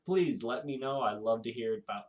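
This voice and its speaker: A man hosting his own video, talking casually to camera in a rambling, animated way and laughing often. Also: mid-range voice, brisk. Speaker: video host.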